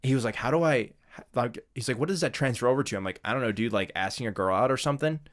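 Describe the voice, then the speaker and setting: A man's voice: medium pitch, fast talker. A man co-hosting a podcast in casual chat, telling stories loosely and laughing often. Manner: laid-back storyteller, laughs often, loose filler-heavy phrasing. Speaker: podcast co-host.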